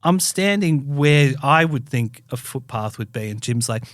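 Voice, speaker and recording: An Australian man, a podcast co-host, telling a story in casual chat with lots of swearing and animated outbursts. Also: medium pitch, unhurried, no room sound, studio quality. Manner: animated, profane, heated retelling. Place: podcast studio.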